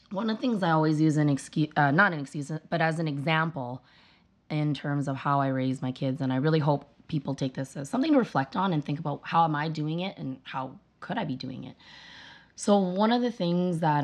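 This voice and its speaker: A woman with a notably low voice talks in a casual interview. She tells stories earnestly and with emphasis, in a conversational flow. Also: a little mellow. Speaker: guest, parent sharing her views.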